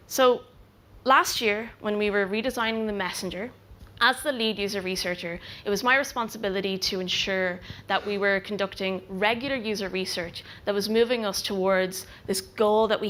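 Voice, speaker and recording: A young adult woman, a product researcher, giving a clear, measured conference talk with emphatic pauses. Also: mid-range voice, a bit bright.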